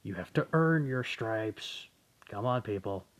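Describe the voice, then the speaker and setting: A man's voice: fairly low pitch, animated, a little slow. A young man casually retelling a fan story, rambling, correcting himself and swearing as he goes. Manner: rambling, profane, self-correcting.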